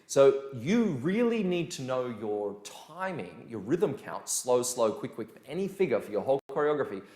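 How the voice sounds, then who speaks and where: A man teaching a dance lesson in a casual, energetic way, counting beats aloud. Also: mid-range voice, normal speed. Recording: echoey room with music behind.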